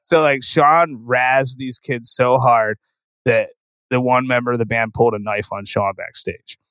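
A man's voice: medium pitch, steady tone, measured pace, fairly bright tone, no echo, rough recording. A man guest on a podcast, telling tour stories in a rambling, profane way and saying "like" constantly. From Philadelphia. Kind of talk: casual storytelling.

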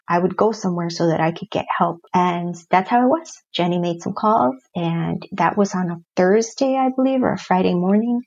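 A middle-aged woman speaks earnestly and reflectively, opening up about her own life as a guest in an interview. Her voice is husky and sits a little low. The recording sounds somewhat dull and lo-fi. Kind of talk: personal storytelling in an interview.

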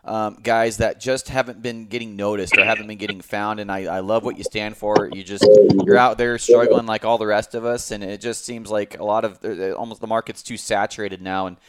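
Male podcast host, lowish voice, easygoing, jokey, loose casual chat. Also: fairly even intonation, fairly quick, fairly bright tone, clean tone. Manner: laid-back, joking, rambling with restarts.

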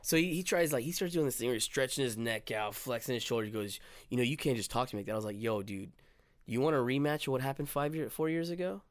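Young guy hosting a podcast, swears a lot, rattles off his story quick, dry close sound. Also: mid-range voice, dry recording. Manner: profane, animated storyteller acting out quotes. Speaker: podcast host. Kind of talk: casual storytelling chat.

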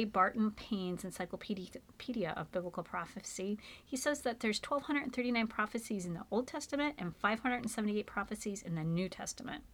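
A middle-aged mother co-hosting a faith podcast, talking in an earnest, emotional way and slowing down for emphasis. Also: medium pitch.

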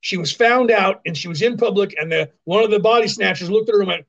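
A man's voice: sits high, fast, vocal fry, fairly bright tone, muffled recording. A man hosting a livestream, ranting in sarcastic casual commentary and repeating his points for emphasis. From California, US. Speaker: livestream show host. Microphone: phone.

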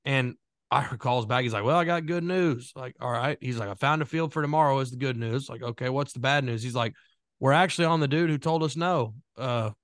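A man co-hosting a casual podcast chat, telling hunting stories with quick bursts of laughter. His voice sits at an ordinary middle pitch. The sound is dry and close, with no room around it. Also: a bit bright, no echo. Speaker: podcast co-host.

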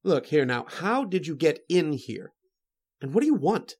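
An actor playing a flustered, indignant mystery writer in a radio drama. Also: male voice, on the high side, very animated, moderate pace, darkish tone. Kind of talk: 1930s radio drama acting.

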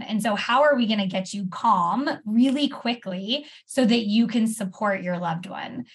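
A woman's voice: mid-range voice, husky. A woman therapist in a podcast interview, walking through steps one by one with everyday examples. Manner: warm explanatory, walks through steps with examples. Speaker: therapist guest.

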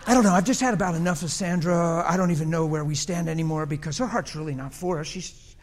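A man playing the Lord as a petty gossip, grumbling about a churchgoer in a quiet, catty tone. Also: a little high, fast talker, voice pushed down, close to an everyday voice.

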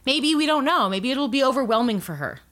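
A woman's voice: high-pitched, very animated, a little fast, fairly bright tone. Blunt sarcastic woman in political chat. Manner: sarcastic, blunt, swears freely.

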